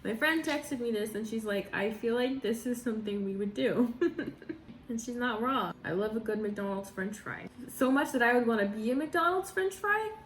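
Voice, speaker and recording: A woman's voice: a little high, lively intonation, normal speed, a little hiss or hum. A woman vlogger in casual reaction commentary, laughing often and trailing off mid-thought.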